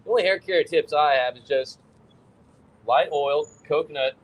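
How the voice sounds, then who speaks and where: A man hosting a casual breakfast livestream, chatty and upbeat, giving shout-outs to viewers. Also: on the high side, moderate pace, poor audio. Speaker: host.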